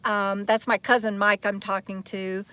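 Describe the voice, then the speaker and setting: A woman's voice: mid-range voice, level tone, moderate pace, a bit bright, clear, resonant tone. A woman from Texas, chatting casually and rambling on a live stream while sitting outdoors by an RV, laughing often and talking into a handheld phone. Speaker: vlogger hosting a live chat. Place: outdoors in the shade beside an RV.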